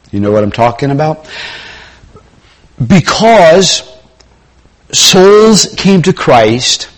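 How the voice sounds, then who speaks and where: Middle-aged male preacher, husky and a bit low, conversational sermon with loud peaks and quiet asides.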